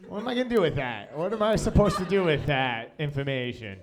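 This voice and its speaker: A man's voice: medium pitch, lively intonation, a little fast, hardly any pauses, darkish tone. A man from Long Island with a Long Island accent, doing a live stand-up set in a small comedy club. He grew up with sign language as his first language and talks in a profane, self-deprecating way, full of "bro" and "dude.". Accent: Long Island New York. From Long Island, New York. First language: American Sign Language.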